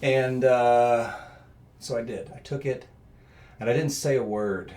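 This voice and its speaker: Earnest male guest, rambling storyteller, middle pitch, a bit of room noise. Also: a little slow, long pauses. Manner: earnest, rambling, with many fillers and restarts; grows loud and animated when telling emotional parts. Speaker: interview guest. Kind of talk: personal storytelling in a conversation.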